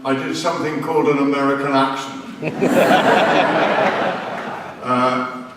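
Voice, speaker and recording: Older man, panel storyteller, hesitant ums, dry humor, booming hall reverb, distant mic. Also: fairly bright tone, slight background noise. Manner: hesitant with many ums, self-deprecating humor. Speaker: actor on a convention panel. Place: large convention hall. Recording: echoey hall from far off.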